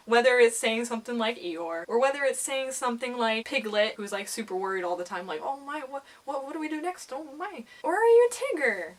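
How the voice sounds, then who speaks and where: A young woman talking casually to camera, animated and giggly, often slipping into silly voices. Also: fairly high pitch. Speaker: vlogger.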